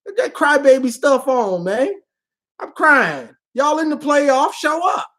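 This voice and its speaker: High-pitched dude roasting fans on a live q&a, slow and laughing a lot. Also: male voice, big pitch swings, sharp tone. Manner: trash-talking, laughing, slangy. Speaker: online sports commentator. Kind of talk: casual live Q&A.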